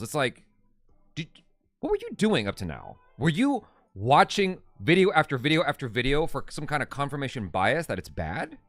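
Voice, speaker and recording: A man's voice: medium pitch, very animated, moderate pace, no room sound. A man co-hosting a casual live stream, reading viewer comments aloud and reacting. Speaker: co-host reading live chat.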